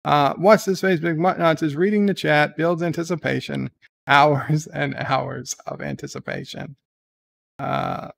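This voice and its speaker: A man hosting a casual livestream, reading viewer letters and chat with jokey, deadpan replies. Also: a little high, vocal fry, a little hiss or hum. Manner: jokey, deadpan, with frequent fillers. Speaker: livestream host.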